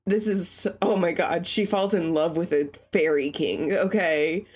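A woman co-hosting a podcast in casual chat, giggly and halting. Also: on the low side, darkish tone, husky. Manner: giggly, halting, lots of fillers. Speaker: podcast co-host.

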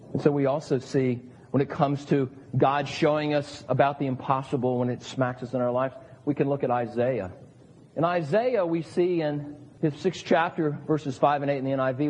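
A man's voice: medium pitch, darkish tone, slight background noise. A middle-aged man, a pastor, preaching an earnest sermon and acting out the voices of the people he quotes. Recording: long hall reverb.

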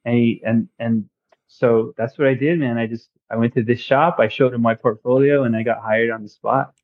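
A man talks through his past in a loose, halting way, stopping and restarting often and filling gaps with "you know." His voice sits in an ordinary middle range, and the recording sounds a bit dull and lo-fi. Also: medium pitch, steady tone. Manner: halting, many fillers and restarts. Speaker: podcast guest, tattoo artist. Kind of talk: casual conversational testimony.

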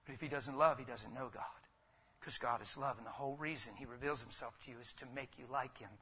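A man preaching an impassioned sermon in church. He swings from loud exhortation to near whispers and piles up repeated phrases. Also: medium pitch, fairly even intonation, fast talker. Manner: repetitive rhetorical build-ups.

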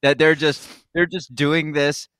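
A man's voice: on the high side, level tone, measured pace, fairly bright tone, smooth, no room sound, studio quality. A man co-hosting a casual news podcast, blunt and sarcastic in his quips. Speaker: podcast co-host. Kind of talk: casual news commentary chat.

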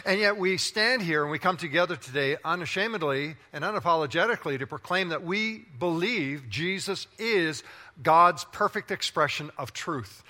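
A man preaching a sermon in a large church, playful and animated, talking straight to the congregation. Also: fairly high pitch, in a large hall. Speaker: pastor.

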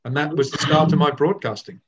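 A man's voice: fairly high pitch, brisk, noisy background. An older man, a veteran sports broadcaster, telling self-deprecating stories in an interview. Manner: anecdotal and self-deprecating, with frequent restarts. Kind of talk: reflective interview storytelling. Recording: slightly dull lo-fi sound.

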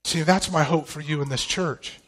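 A pastor in his forties delivers a sermon in a notably high-pitched male voice. He preaches with emphasis and keeps putting rhetorical questions to the congregation. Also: moderate pace, a bit bright.

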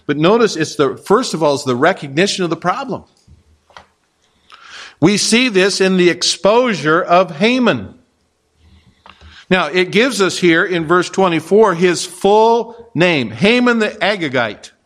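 A man's voice: high voice, animated, measured pace, fairly bright tone. A male pastor preaching an expository sermon in a conversational way, often asking his listeners rhetorical questions.

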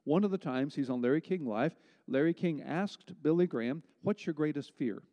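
A man's voice: fairly high pitch, normal speed, warm tone. Man preaching in a reverberant hall. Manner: conversational, emphatic preaching with rhetorical questions. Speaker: pastor. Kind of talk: sermon.

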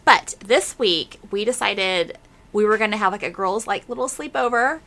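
A woman's voice: medium pitch, moderate pace, a bit bright. A woman hosting a casual chat, giggly and chatty, steering the conversation along. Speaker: podcast host.

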